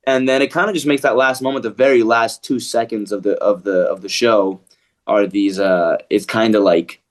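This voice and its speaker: A man being interviewed as an actor, talking casually with lots of fillers and restarts. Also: lowish voice. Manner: relaxed, halting with many restarts and fillers.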